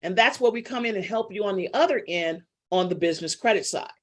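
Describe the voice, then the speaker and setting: A woman's voice: mid-range voice, fast. A middle-aged woman business coach teaching a live online class, chatty and teasing as she calls on students by name.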